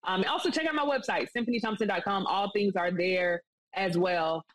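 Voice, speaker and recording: A woman's voice: mid-range voice, fairly quick, dry recording, poor audio. Eager, earnest woman guest, dry sound. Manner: enthusiastic, earnest, rambling. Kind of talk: casual interview talk.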